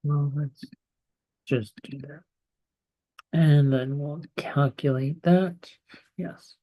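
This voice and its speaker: A man working as an astrologer, talking slowly and hesitantly with many pauses and fillers as he shares charts on a live stream. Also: a little high, fairly even intonation, dull audio. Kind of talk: slow casual live-stream talk. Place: home in California.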